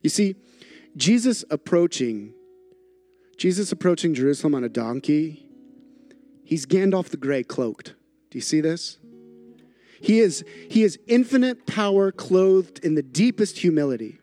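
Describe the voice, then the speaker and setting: A man's voice: on the high side, big pitch swings, measured pace, long pauses, warm tone, soft background music. A man preaching a sermon as a pastor, telling a story with animation and repeating phrases for emphasis.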